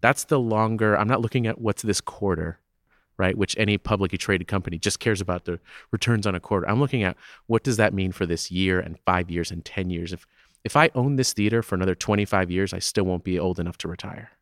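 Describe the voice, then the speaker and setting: Deep-voiced man in a dry podcast interview. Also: fairly quick, no room sound. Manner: emphatic, keeps asking "right?" to drive points home. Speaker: theater owner and festival director guest. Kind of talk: conversational interview. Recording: dry close-mic podcast sound.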